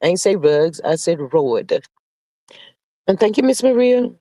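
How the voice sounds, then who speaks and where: Reading viewer comments and dishing gossip, this live streamer is sassy and playful, drawling pet names like "honey" and "child" amid sing-song hums and laughter. The voice is warm, animated and unhurried, sitting in a middle register with a dry, close sound and no echo.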